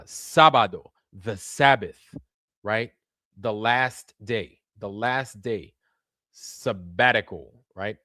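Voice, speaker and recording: A man's voice: medium pitch, sharp tone, no echo, studio quality. A man hosting a casual livestream, rambling and repeating words while checking in with viewers. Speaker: livestream host.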